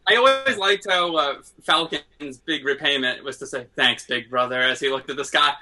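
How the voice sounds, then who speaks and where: A man's voice: a little high, normal speed, pushed and bright. A man in casual podcast chat, a comic artist who talks in a chatty, self-deprecating way and laughs easily.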